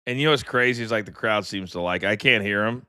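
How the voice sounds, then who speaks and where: Bright, crisp-voiced man hosting a live reaction. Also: fairly low pitch, fast talker, no room sound, studio quality. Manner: animated, incredulous, rambling rants. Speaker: host. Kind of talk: live watchalong reaction commentary. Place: studio. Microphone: studio mic.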